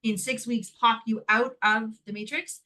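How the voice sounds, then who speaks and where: A woman from Canada is being interviewed, and her voice sits high and bright. She tells her story with a lot of life, laughing often and acting out the voices of the people in it. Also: moderate pace, low-quality recording. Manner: animated, laughs often, acts out quoted dialogue. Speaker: guest, healing technique teacher.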